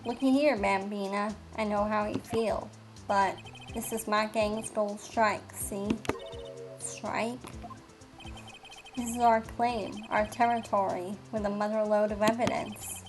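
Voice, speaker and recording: A woman's voice: mid-range voice, steady tone, music in the background, natural voice. A woman putting on a drawling cowboy detective. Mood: menacing. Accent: put-on American country. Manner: slow drawl, folksy threats.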